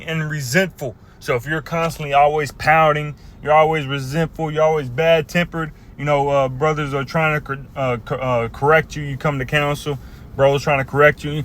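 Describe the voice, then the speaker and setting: A man casually teaching scripture, earnest and halting, reading verses slowly and with emphasis. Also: a little high, fairly even intonation, fairly bright tone. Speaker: bible teacher.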